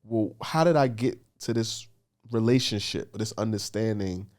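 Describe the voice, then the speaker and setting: A man's voice: on the low side, normal speed, darkish tone. A man who is a guest on a casual podcast conversation, speaking candidly and emphatically about himself.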